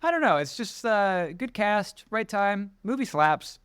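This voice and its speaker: Podcast guest, male, high smooth voice, dry close sound, chatty and animated. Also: unhurried, no echo. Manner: animated, chatty, full of asides. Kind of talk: casual chat.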